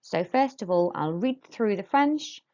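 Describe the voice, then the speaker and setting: A woman teaching a French pronunciation lesson to pupils, modelling words slowly for them to repeat. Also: mid-range voice, animated, a little mellow, lo-fi sound.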